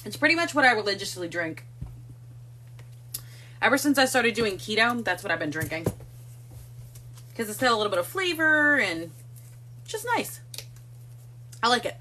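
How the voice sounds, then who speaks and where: A woman's voice: on the high side, big pitch swings, moderate pace, long pauses, sharp tone. A woman hosting a casual live stream from home on a phone, chatting and greeting viewers by name one after another. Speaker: livestream host.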